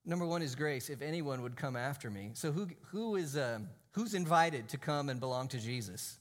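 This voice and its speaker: This church sermon comes from a male pastor with a medium-pitched, expressive voice at normal speed. Emphatic throughout, he stretches out key phrases and occasionally hushes to an almost whisper for effect.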